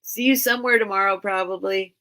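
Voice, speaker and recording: Woman livestream seller, raspy fry under a bright voice, rambling and sincere. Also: medium pitch, fairly even intonation, a little fast, a little hiss or hum. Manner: rambling and earnest, many restarts. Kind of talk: casual livestream chat with viewers.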